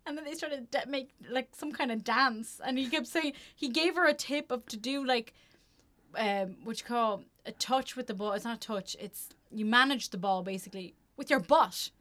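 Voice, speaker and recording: A woman in casual chat about a film, animated, laughing often and acting out scenes in quick voices. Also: on the high side, dry recording.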